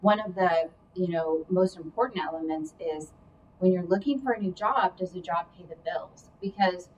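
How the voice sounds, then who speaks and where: A woman's voice: fairly low pitch, moderate pace, a little mellow, muffled recording. A woman giving casual career and money advice in a chatty, explanatory way, adding hedging asides. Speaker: career coach guest. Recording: distant mic with faint background noise.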